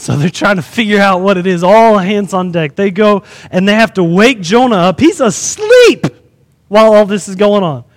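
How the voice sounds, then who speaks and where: A man preaching a sermon in an animated way, acting out the scenes he tells. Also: sits high, a little fast, hardly any pauses, long reverb tail.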